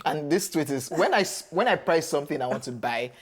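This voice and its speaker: A woman's voice: deep voice, lively intonation, fairly quick, husky. A woman co-hosting a TV show, playfully reading out tweets and mimicking voices. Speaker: entertainment show co-host. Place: TV studio.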